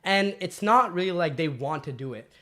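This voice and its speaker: A man's voice: on the high side, expressive, moderate pace, a bit bright. A teenage boy hosting a student podcast, asking questions in a hesitant, filler-heavy way. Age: teens. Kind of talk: casual podcast chat.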